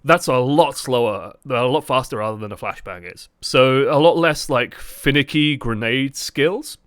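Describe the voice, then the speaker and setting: A man streaming and chatting casually about a game, animated and full of "like" fillers. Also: mid-range voice, a little slow, no room sound, clean studio sound. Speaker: gaming streamer. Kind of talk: casual gaming chat.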